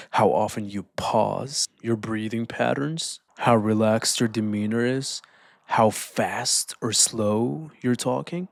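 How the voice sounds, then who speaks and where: A man giving a casual motivational talk, calm and deliberate, slowing down to stress points and often saying "man". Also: mid-range voice, gravelly, dry recording, clean studio sound. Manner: calm, deliberate, slows down for emphasis. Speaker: self-improvement speaker.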